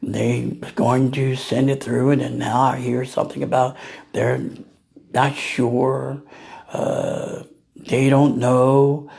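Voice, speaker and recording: Animated man ranting to camera. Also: mid-range voice, slow pace, creaky. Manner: animated, ranting, full of rhetorical questions; laughs at his own jokes. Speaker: vlogger. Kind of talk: casual political rant.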